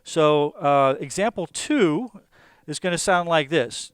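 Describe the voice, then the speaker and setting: A man teaching a drum lesson, explaining patterns step by step in a calm, methodical way with small fillers. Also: a little high, takes it slowly, smooth. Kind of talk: instructional explanation.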